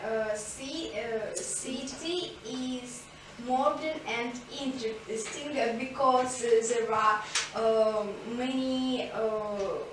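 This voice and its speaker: Female pupil, hesitant, many fillers, slow, roomy distant classroom with noise. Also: fairly high pitch. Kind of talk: answering in class.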